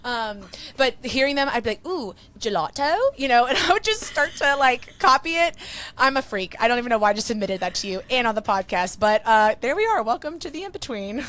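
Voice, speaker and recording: A woman's voice: fairly high pitch, very animated, fairly quick, fairly bright tone, slight background noise. A woman hosting a podcast, bubbly and chatty, poking fun at herself. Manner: bubbly, chatty, self-deprecating. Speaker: podcast host. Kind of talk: casual podcast chat.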